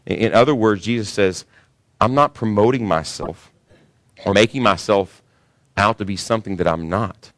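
Low-voiced pastor preaching with rising fervor. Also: male voice, normal speed, no room sound, studio quality. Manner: animated preaching that rises high when voicing others. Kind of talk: sermon.

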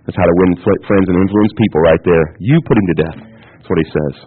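A pastor preaching a sermon in a teacherly way, often checking in with the congregation. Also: male voice, sits low, quick pace, a little hiss or hum. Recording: tinny phone-like audio.

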